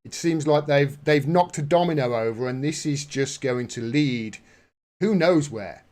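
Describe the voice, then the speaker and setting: On his vlog, a commentator talks politics casually, his sarcasm and indignation building into occasional outbursts. The voice is a little high with a darkish tone, and he takes his time.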